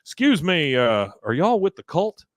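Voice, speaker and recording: A man's voice: on the high side, big pitch swings, normal speed, dry recording, voice pushed up. A man doing a frantic cartoon family man.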